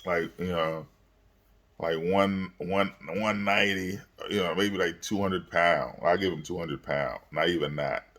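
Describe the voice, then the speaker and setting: Deep-voiced man rambling about a basketball game. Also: a little slow. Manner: rambling, repeats words, frequent fillers; gets loud and high when worked up. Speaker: basketball commentator. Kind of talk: casual game reaction.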